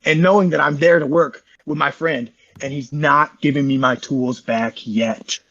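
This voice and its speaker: A man with a husky voice, pitched a touch high, rushes through a rambling, slangy story as an interview guest. His casual talk is full of bro, and the recording is dull and lo-fi. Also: steady tone, a bit bright. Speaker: interview guest, online community founder.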